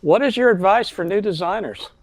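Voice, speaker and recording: A man hosting a podcast interview, with a voice that runs somewhat high for a man. He talks in an encouraging, conversational way, with plenty of fillers. The recording is dry, with no room sound. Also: brisk, dry recording. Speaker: podcast host.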